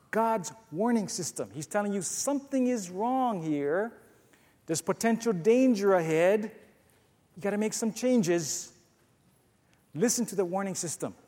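High-voiced man preaching in a hall. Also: a little mellow. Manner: preacher telling stories and reading scripture aloud. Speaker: pastor. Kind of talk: sermon.

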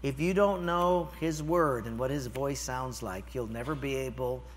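An older man preaching a sermon, telling stories with lively swings from loud calls to hushed, quiet lines. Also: medium pitch, unhurried, big-room sound, a little hiss or hum. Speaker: pastor.

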